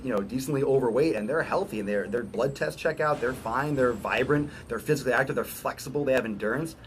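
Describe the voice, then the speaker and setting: A fitness coach with a mid-range voice answers viewer questions casually, bluntly and with plenty of profanity and joking asides. The recording carries a little hiss or hum.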